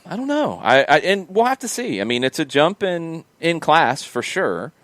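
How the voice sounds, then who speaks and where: A man's voice: on the high side, big pitch swings, moderate pace, fairly bright tone, no echo. A man hosting a sports podcast, talking casually through match results and thinking aloud with frequent ums. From United States. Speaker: podcast host.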